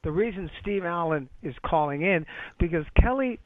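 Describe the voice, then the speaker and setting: A man calling in to a radio show, animated and playful. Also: sits high, normal speed, no echo. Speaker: caller. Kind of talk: casual call-in chat. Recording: lo-fi phone line.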